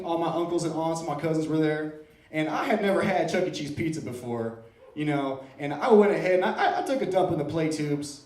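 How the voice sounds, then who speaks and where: A man's voice: fairly high pitch, fairly quick, darkish tone, roomy sound, far from the mic. A man from Iowa doing an open-mic stand-up set in a comedy club, playful and self-deprecating as he works the crowd.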